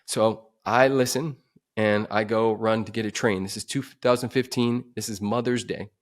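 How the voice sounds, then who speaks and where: A man on a podcast telling a dramatic personal story, swinging from emphatic to hushed. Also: lowish voice, fairly even intonation, normal speed. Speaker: podcast guest.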